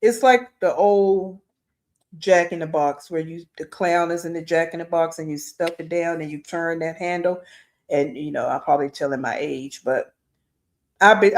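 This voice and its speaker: A woman hosting reaction commentary, blunt and critical, talking straight to her viewers. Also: lowish voice. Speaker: commentary host.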